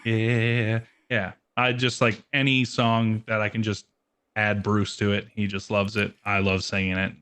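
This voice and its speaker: A man's voice: on the low side, little pitch movement, normal speed, fairly bright tone. A young man chatting casually on a podcast, loose and rambling, full of "like" fillers, laughing easily. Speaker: guest, metal band musician and dog owner.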